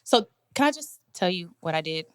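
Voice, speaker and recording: A woman hosting a podcast interview, playful and gushing, sometimes breaking into excited shouts. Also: fairly low pitch, normal speed, smooth, no echo. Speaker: podcast host. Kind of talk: casual interview chat.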